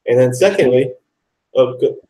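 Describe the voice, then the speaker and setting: A man hosting a live online talk show, chatting excitedly and rambling, with lots of "like" and "dude". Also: mid-range voice, normal speed, poor audio. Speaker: host. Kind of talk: casual chat.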